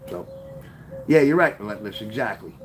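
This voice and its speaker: A man's voice: fairly low pitch, lively intonation, normal speed, slight background noise. A middle-aged man, casually telling memoir stories on a livestream in a rambling, profane way and reading out chat comments. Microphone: webcam.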